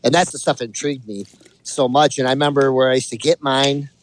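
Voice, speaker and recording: A man's voice: mid-range voice, fairly even intonation, quick pace, low-quality recording. A man co-hosting a podcast, chatting casually and agreeing with short replies. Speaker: podcast co-host. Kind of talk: casual chat.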